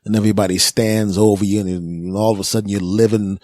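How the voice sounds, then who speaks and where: A man's voice: on the low side, fast, dry recording, studio quality. Rambling man in his forties doing comedy. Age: 40s. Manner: rambling, animated, keeps asking "right?". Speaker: podcast host. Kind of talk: comedic monologue.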